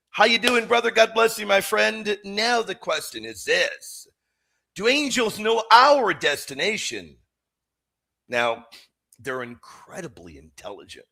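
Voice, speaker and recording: A middle-aged man hosting a live stream, chatting with viewers and answering questions. His delivery is animated, and his pitch rises and falls a lot. His tone is bright and forceful. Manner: animated and emphatic, swings between loud exclamations and quiet asides. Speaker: host of a live Catholic apologetics stream. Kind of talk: livestream chat and Q&A.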